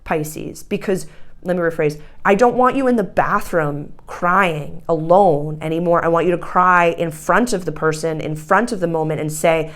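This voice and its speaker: A woman's voice: lowish voice, moderate pace. A young adult woman giving a casual spoken astrology reading to her viewers, emphatic and effusive, swearing now and then. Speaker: astrology reader.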